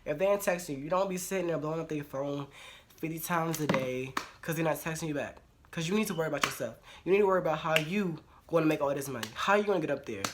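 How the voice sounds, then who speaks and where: A vlogger speaking in a mid-pitched voice, giving blunt, slangy relationship advice straight to camera. They hammer points home by repeating phrases. Clear background noise runs under the home recording. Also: fast. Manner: informal slangy speech with swearing. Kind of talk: casual advice monologue to camera.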